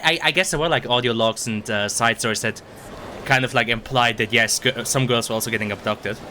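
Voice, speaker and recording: A man's voice: mid-range voice, brisk, background noise. Rambling, profane male streamer. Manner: profane, rambling, thinks aloud. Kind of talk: casual gameplay commentary.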